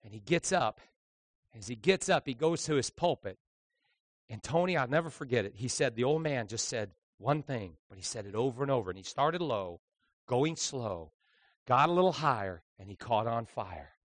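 A man preaching a sermon, telling a story and building his delivery to loud, shouted crescendos. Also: mid-range voice, lively intonation, moderate pace, no echo.

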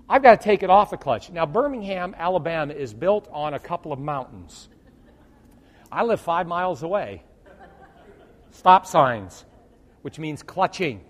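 A middle-aged male pastor telling a humorous story in a sermon, jumping from loud exclamations to quiet asides. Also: sits high, long reverb tail.

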